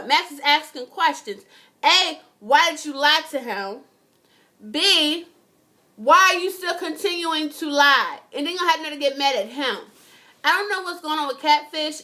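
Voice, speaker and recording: A woman's voice: high voice, sharp tone. A young woman, giving a casual, indignant TV review and swearing freely. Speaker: vlogger.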